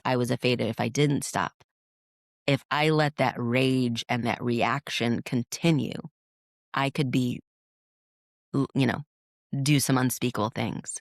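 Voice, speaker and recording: Woman podcast guest, mid-pitched with a gravelly edge, earnest and reflective, dry close sound. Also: no echo. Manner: earnest, reflective, with frequent restarts. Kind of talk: candid interview storytelling.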